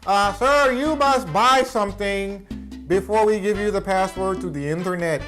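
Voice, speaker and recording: A man's voice: high voice, moderate pace, over music, voice pushed up, lightly acted. A man putting on a Mexican accent to imitate an insistent male café clerk. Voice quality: exaggerated put-on accent.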